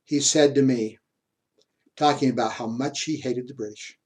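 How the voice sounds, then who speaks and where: A man's voice: medium pitch, fairly even intonation, moderate pace, darkish tone. A man giving a university history lecture, telling personal stories in a chatty way and chuckling often. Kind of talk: classroom lecture with anecdotes.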